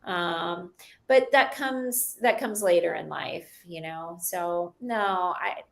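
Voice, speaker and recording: Brief: woman guest, hesitant, halting casual chat. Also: lowish voice, gravelly, fairly bright tone. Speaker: panel guest.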